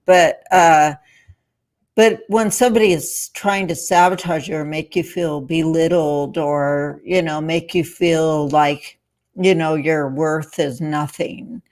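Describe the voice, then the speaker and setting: A woman's voice: low-pitched, steady tone, slow, darkish tone. A woman on a podcast who speaks in a reflective, supportive way, often saying "you know". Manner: reflective and supportive, with frequent fillers. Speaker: podcast guest. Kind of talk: casual podcast conversation.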